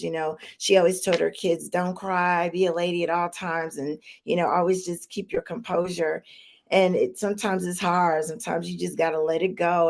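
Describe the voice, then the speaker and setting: This woman's voice sits low, creaky and a bit mellow. She hosts a live-streamed talk show in a chatty, emotional way full of fillers and restarts, fighting back tears as she speaks.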